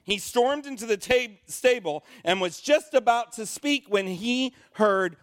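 A pastor with a very high-pitched, unhurried voice leads a church service. He tells a picture-book story in an animated way, asking the audience questions as he goes.

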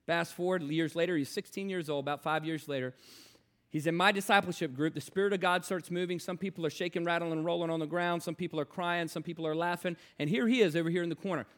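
A man preaching a sermon and telling stories, impassioned and repetitive, swinging from loud declarations to hushed storytelling. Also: on the high side, fairly even intonation, fast talker.

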